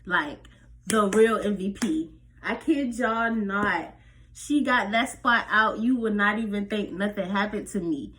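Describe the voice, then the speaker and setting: A young woman telling a personal story to her viewers in a casual vlog, animated and profane, chatting straight to the audience. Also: mid-range voice, unhurried, slight background noise.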